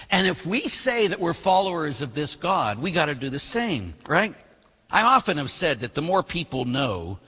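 A priest preaching a sermon, lively and animated, acting out voices from the story he reads. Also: on the high side, breathy edge. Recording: long reverb of a large hall.

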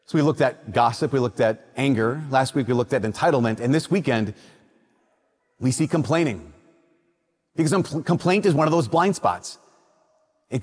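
A man's voice: medium pitch, darkish tone, breathy edge. A man from Minnesota reading the Gospel and then preaching a conversational sermon as a priest. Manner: conversational, acts out quoted voices. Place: church. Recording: long reverb of a large church.

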